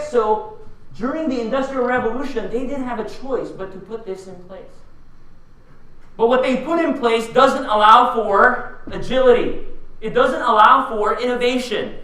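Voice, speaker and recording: The voice sits high and sounds sharp as this Filipino keynote speaker punches through his talk, hitting listeners with rhetorical questions. It's a large conference hall with plenty of echo, and he's recorded from afar.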